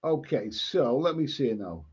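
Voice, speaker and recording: A man's voice: medium pitch, sing-song, measured pace, darkish tone, husky. A man hosting a casual live stream, reading viewer comments aloud and rambling, often repeating words and restarting his sentences. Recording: dull lo-fi sound.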